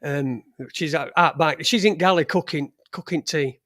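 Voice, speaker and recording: A middle-aged Yorkshire man hosts a casual livestream from a home studio in front of a green screen, rambling with crude jokes. His voice is a little high, pushed and bright, at normal speed, with clean studio sound and no echo.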